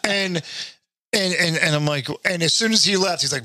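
Guy cohost rambling thru a raunchy story, high bright voice, super dry mic. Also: moderate pace, no echo. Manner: animated, laughs often, acts out voices in stories. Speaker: podcast co-host. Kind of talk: crude casual storytelling.

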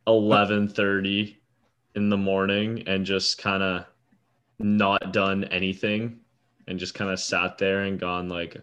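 A man with a very low voice co-hosts a casual sports podcast. He sounds tired, and he talks in a dry, deadpan way. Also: normal speed. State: tired and yawning. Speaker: podcast co-host. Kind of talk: casual chat.

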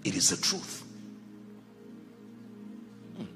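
A man preaching a sermon as pastor, dramatic, dropping to a hush and rising to shouts, acting out the people in his stories. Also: very slow, faint music behind. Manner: acts out Bible characters in quoted dialogue.

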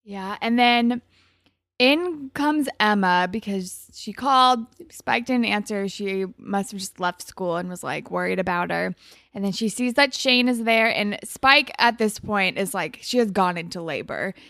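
A woman's voice: medium pitch, measured pace, gravelly, no echo, studio quality. A woman co-hosting a podcast, retelling a TV episode in casual chat with "like" fillers and small restarts. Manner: steady plot summarizing with "like" fillers and small restarts. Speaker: podcast co-host.

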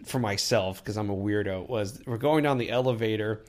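A man's voice: on the low side, a little fast. A man, a podcast co-host in casual chat, telling stories animatedly and laughing often. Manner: animated storyteller who acts out quotes and laughs often.

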